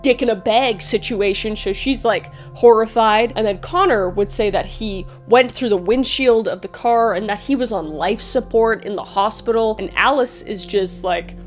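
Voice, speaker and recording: A woman's voice: fairly high pitch, normal speed, hardly any pauses, faint music behind. A woman telling a true-crime story in a chatty, profane way, with frequent asides to the viewer.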